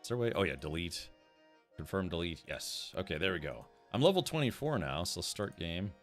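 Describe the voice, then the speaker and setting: Male streamer, casual live gaming chatter, animated pitch, rambling delivery, light music bed. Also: fairly quick. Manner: rambling, restarts sentences, reads chat aloud.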